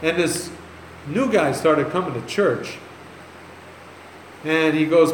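Pastor guy telling church stories, slow and folksy, jokes around, slightly high voice, echoey room. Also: slight background noise. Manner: folksy, joking, laughs at own stories. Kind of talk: sermon storytelling. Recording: echoey room, faint ambience.

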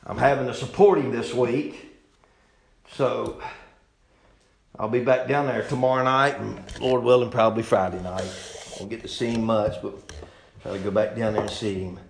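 A man preaching a sermon in a folksy, animated way that swings from loud bursts to low asides. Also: normal speed, gravelly, pauses often, reverberant, a little hiss or hum.

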